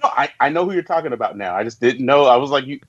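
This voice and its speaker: Male co-host, excitable and exasperated, dry close lo-fi sound. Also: mid-range voice, rapid-fire, no echo. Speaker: podcast co-host. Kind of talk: casual chat.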